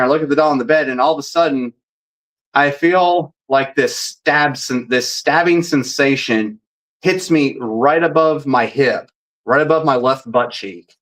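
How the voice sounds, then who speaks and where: A man's voice: medium pitch, normal speed, poor audio. Man, paranormal investigator, casual storytelling, rambling, acts out dialogue. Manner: rambling, animated, reenacts dialogue.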